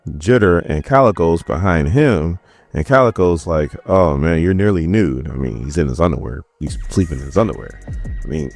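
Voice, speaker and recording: A man's voice: extremely low pitch, animated, moderate pace, a little mellow, faint music behind. A man casually recapping a comic book issue, joking and chatting directly to his viewers.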